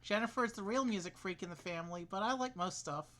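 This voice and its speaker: A curious, eager young sleuth, as a woman reads her lines in a game. The voice is bright and forward, read plainly. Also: mid-range voice, fast, close to an everyday voice.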